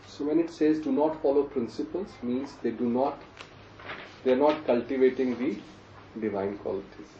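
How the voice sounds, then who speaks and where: A man leads a scripture study class, turning often to his listeners with questions and dry sarcastic asides. His voice is mellow and sits back from the microphone. The room sounds echoey and the recording is dull. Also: mid-range voice, moderate pace, slight background noise. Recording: distant roomy lo-fi recording.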